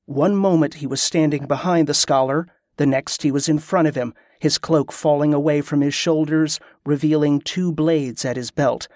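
A man narrating a fantasy audiobook in a steady, even reading. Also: fairly high pitch, moderate pace, few pauses, no room sound, studio quality.

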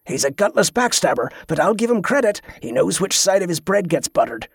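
A man's voice: sits high, big pitch swings, fairly quick, creaky, husky, no room sound, voice pushed up, exaggerated voice. Man doing a cruel hot-tempered captor, snarling, sarcastic, dry close voice. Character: cruel menacing male captor, quick temper.

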